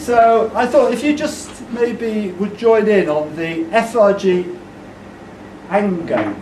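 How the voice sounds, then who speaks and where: A man reading poems at a book launch, playful and joking, leading the audience in a shouted refrain. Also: sits high, slow. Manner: playful, joking, mock-esoteric; shouting the refrain with rising energy. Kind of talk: live poetry reading with audience call-and-response. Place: indoor event room with an audience. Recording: echoey room, far mic, loud crowd noise.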